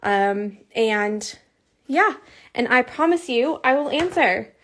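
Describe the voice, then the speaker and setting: A woman's voice: on the high side, expressive, takes it slowly, a bit bright. A woman hosting a stitch-along video, chatting casually and encouragingly with lots of fillers and muttered asides. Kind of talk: casual chat while showing her screen.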